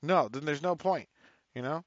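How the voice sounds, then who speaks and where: Man, podcast co-host, crude deadpan jokes, mid pitch, dull lo-fi mic, dry sound. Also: normal speed, dry recording. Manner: crude, mocking, deadpan quips. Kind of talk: casual profane banter.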